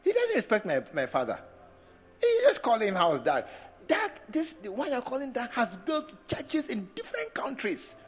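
A man preaches a sermon in a high, lively voice that swoops up and down. He breaks into laughing asides and stretches key words for emphasis. The sound carries the long echo of a big hall with faint music behind it. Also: normal speed. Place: large hall with congregation. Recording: echoey hall from a distance.

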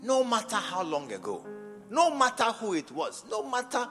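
A Ghanaian archbishop preaches a sermon in a high, lively voice that leaps up and down. His tone is bright and sharp, and he repeats phrases, dropping to a near-whisper before pushing up loud again. The sound carries the long reverb of a church hall, with faint music underneath. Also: moderate pace. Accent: Ghanaian English.

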